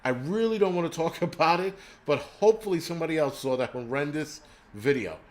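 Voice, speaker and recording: A man's voice: a little high, lively intonation, brisk, a little mellow. A man hosting a livestream, ranting crudely and rambling while he answers viewers' chat. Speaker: livestream host.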